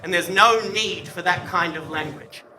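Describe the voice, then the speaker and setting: A man voicing his stern, humourless father, an older minister, in a flat and grave low voice, on a live stage. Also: moderate pace. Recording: echoey live venue from far off. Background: audience laughter and crowd noise.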